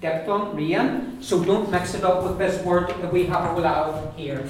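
A man's voice: high-pitched, unhurried. A man with a Belfast accent, teaching Irish pronunciation to a class and patiently repeating words for them to echo. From Northern Ireland. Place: classroom with students. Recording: echoey room, far from the mic, class around.

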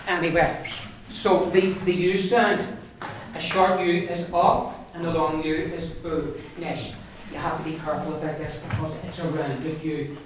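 Speaking in a slightly high, flat, somewhat slow voice, a man with an Ulster Irish English accent runs a language class on pronunciation, modelling sounds carefully and drilling words for his students. The mic is far away in an echoey room, with faint noise.

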